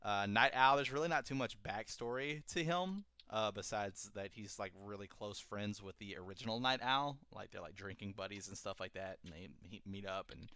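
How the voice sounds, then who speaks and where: A man's voice: on the low side, moderate pace, few pauses, sharp tone, smooth. A young man co-hosting a podcast, retelling a story in a rambling, laid-back way, full of fillers and swearing. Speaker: podcast co-host. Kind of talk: casual chat.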